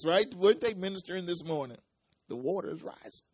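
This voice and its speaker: A man's voice: sits high, sing-song, a little fast, husky. A man preaching, repeating phrases and asking the congregation for responses as his intensity rises and falls. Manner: repetitive, call-and-response preaching with rising and falling intensity. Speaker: pastor. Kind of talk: sermon.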